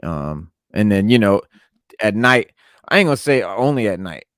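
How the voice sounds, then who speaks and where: A man's voice: fairly low pitch, very animated, moderate pace, a bit bright, no room sound, clean studio sound. A man from New York co-hosting a podcast, telling stories in a laid-back, slangy way. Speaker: podcast co-host. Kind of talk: casual chat.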